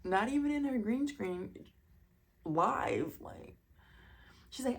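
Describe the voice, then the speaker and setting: A woman casually recapping a reality TV episode, chatty and quick to laugh, with incredulous asides. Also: a little high, animated, husky.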